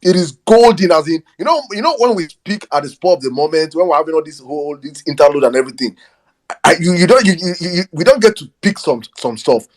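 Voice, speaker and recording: A man in a live audio chat room, with stammering restarts and excited interjections. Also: on the high side, fast.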